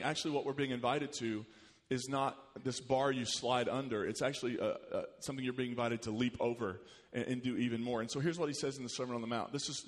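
A man preaching a sermon as pastor, animated, rising in pitch and volume when he quotes scripture. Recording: long hall reverb.

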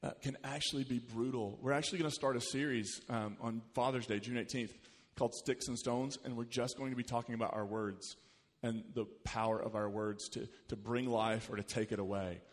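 Man, pastor preaching, mid-pitched voice, animated delivery, long reverb of a church hall. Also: brisk. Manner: animated, rises in pitch and volume when quoting scripture. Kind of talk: sermon.

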